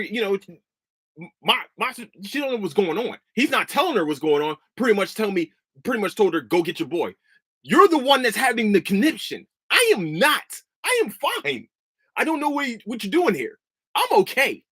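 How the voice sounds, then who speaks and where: A man's voice: on the high side, fairly bright tone, breathy edge, dry recording, studio quality. Profane, heated man in his thirties. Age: 30s. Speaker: podcast host. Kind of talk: casual chat.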